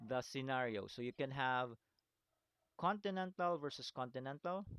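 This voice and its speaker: A man with a smooth, resonant voice walks students through a screen-recorded lesson. He repeats key points and keeps checking understanding. The sound is close and dry, with no room around it. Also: mid-range voice, dry recording. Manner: repetitive, stops to check understanding with "okay?" and "right?"; apologetic chuckles at his own slips. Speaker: teacher.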